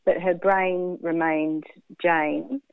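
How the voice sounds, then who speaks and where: Blunt, candid woman, deep and gravelly, dry phone-line audio. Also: steady tone, no room sound. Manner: frank, blunt, halting with fillers and restarts. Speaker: interview guest. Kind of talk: candid emotional storytelling.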